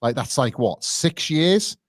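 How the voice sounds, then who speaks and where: A man's voice: medium pitch, expressive, takes it slowly, dry recording, studio quality. A man, a podcast guest, chatting casually in a rambling way full of "like" fillers. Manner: rambling, full of "like" fillers, laughs while talking.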